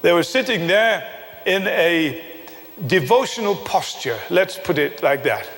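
A man preaching a sermon, telling a story with acted dialogue and emphatic pauses, from England. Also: sits high, expressive, a bit bright, long reverb tail.

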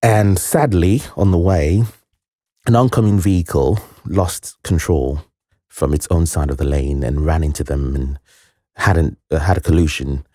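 A man, a guest telling a personal story in an earnest, halting, reflective way. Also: rumbling low, warm tone, dry recording. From Nigeria. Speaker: interview guest.

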